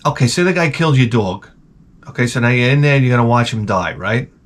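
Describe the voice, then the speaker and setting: Animated New man ranting. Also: medium pitch, fast. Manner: rambling, profane, animated ranting. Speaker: host. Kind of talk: comedic monologue.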